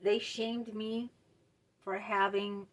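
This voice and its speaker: A middle-aged woman hosting a mental health video, speaking candidly and emotionally to camera, halting often with fillers. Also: medium pitch, level tone. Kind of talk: personal talk to camera.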